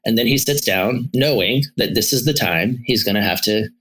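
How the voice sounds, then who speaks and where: A man's voice: fairly low pitch, moderate pace, a bit bright, a little hiss or hum, low-quality recording. A man who is a therapist and podcast co-host, telling stories in a casual, rambling way, with lots of restarts. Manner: storytelling, many restarts and fillers.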